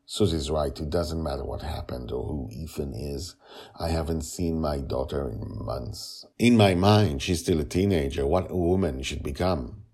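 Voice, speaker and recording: A fond old grandfather, read by a man tells his family story. His voice is very deep and gravelly, stuffed and nasal from a cold. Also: normal speed, a little mellow, heavily acted.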